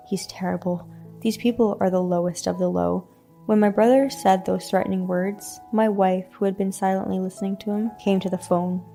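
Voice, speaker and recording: Mellow gravelly woman narrator. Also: mid-range voice, flat delivery, fairly quick, faint music behind. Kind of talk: scripted story narration.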